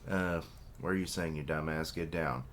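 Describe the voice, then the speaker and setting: A man's voice: a bass voice, moderate pace, fairly bright tone, a little hiss or hum. A man reading the lines of a resolute young archer, the older brother, in a firm, commanding way.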